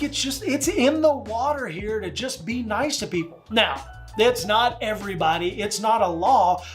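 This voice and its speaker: A man's voice: high voice, fairly bright tone. A man working as a real estate agent, talking in a chatty, folksy vlog manner with slangy asides. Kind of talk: casual vlog.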